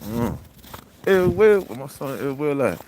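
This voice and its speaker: A man's voice: medium pitch, big pitch swings, a little slow. A young man vlogging outdoors in a snowstorm, talking in a rambling, slangy, joking way with lots of filler. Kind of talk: casual outdoor vlog. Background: clear wind and outdoor noise.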